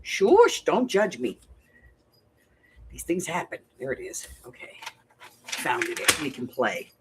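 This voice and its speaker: Heavy background noise surrounds this middle-aged woman's extremely low voice as she slowly chats with viewers on her crafting livestream. She's a talkative, animated storyteller who laughs frequently and welcomes viewers by name.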